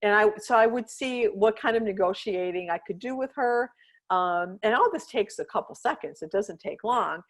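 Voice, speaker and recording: Woman podcast host, dog trainer, casual chat, mid pitch, keeps checking in with the listener, earnest and patient. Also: animated, normal speed. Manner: chatty, checks in often with "right?" and "you know what I mean?"; earnest, explains patiently with step-by-step examples.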